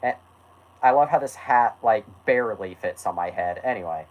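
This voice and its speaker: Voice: mid-range voice, lively intonation, moderate pace, a little mellow, rough recording. A host reading an old story aloud as a joke, with laughs and self-mocking asides. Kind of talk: comic read-aloud with asides.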